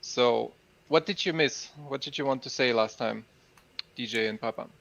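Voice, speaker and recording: A man's voice: medium pitch, moderate pace, gravelly, fairly bright tone. A man hosting a casual livestream, upbeat and greeting chat viewers by name. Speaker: livestream host. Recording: dull lo-fi sound.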